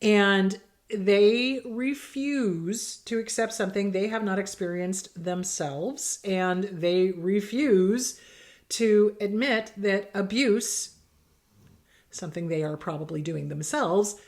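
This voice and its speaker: A woman's voice: medium pitch, slow, a little mellow. Woman, middle-aged, therapist, blunt and emphatic, casual advice monologue. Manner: blunt, emphatic, acts out quoted exchanges. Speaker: therapist host answering viewer questions.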